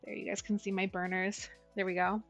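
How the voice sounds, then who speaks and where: A woman's voice: little pitch movement, a little fast, no room sound, faint music behind. A young woman chatting casually through a cooking livestream, talking to her viewers. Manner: chatty, talks to her dog in a high baby voice. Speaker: streamer.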